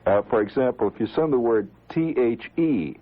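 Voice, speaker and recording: A man and amateur radio operator giving an informal, animated talk to listeners, chuckling now and then and often restarting his sentences. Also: mid-range voice, moderate pace, phone-quality sound.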